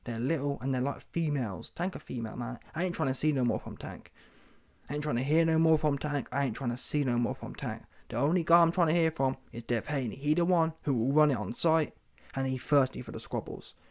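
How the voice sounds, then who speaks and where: A man's voice: medium pitch, fairly quick, a little mellow. A man doing a brash, mocking commentary rant full of street slang. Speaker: commentary vlogger.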